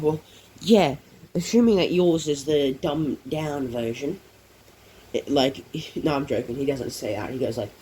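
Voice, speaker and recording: A man with a slightly high voice narrates a fan-made story casually. He rambles, stopping for ums and correcting himself. A faint hiss lies under the recording. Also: normal speed, warm tone, poor audio. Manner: rambling, many fillers and self-corrections.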